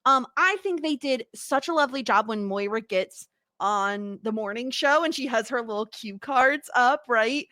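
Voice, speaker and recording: A woman's voice: on the high side, lively intonation, moderate pace, bright, forceful tone, no echo, clean studio sound. A woman co-hosting a podcast, chatting casually and gushing with enthusiasm. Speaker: podcast co-host. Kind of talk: casual chat.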